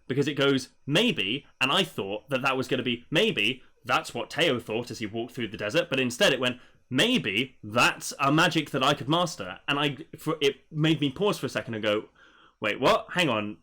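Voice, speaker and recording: A man doing a casual livestream book review, rambling with many fillers and quick laughs. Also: mid-range voice, pushed and bright.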